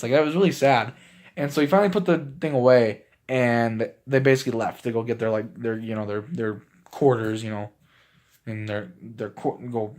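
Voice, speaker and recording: A man casually recapping a movie for his channel, rambling with lots of fillers and breaking into laughs as he gets excited. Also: mid-range voice. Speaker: movie reviewer.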